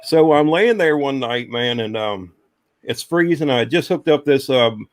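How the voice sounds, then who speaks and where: A man of middle pitch spins a rambling ghost story, stopping often for "um" and "you know". The sound is close and dry, with no room around it. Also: expressive, unhurried, dry recording. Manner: rambling, drawling, many fillers. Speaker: guest telling a ghost story. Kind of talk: casual storytelling.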